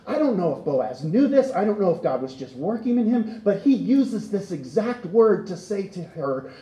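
Earnest male pastor, dark echoey hall. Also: high-pitched, very animated, normal speed, hardly any pauses. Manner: earnest, building to impassioned emphasis. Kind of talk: sermon.

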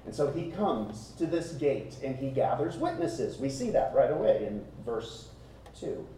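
A man preaches with a deep, mellow voice that swings lively up and down as he talks the congregation through the passage. He keeps it conversational, tossing out rhetorical questions. The sound is very echoey, with the speaker set back from the mic. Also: measured pace, recorded from a distance, a little hiss or hum. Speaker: pastor. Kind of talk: expository sermon.

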